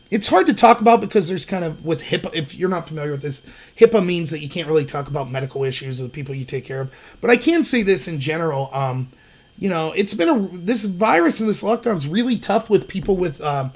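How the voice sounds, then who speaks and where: A man from Pennsylvania hosting his own livestream, telling stories in a casual, digressive way. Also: on the high side. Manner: storytelling, chatty, digressive. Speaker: livestream host.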